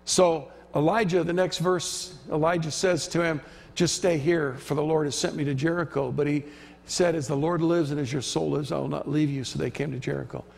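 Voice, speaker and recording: A man's voice: a little high, steady tone, brisk, creaky. A man preaching a sermon in a church, emphatic and acting out the quoted voices he describes. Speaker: visiting preacher. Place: church sanctuary. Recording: church hall reverb.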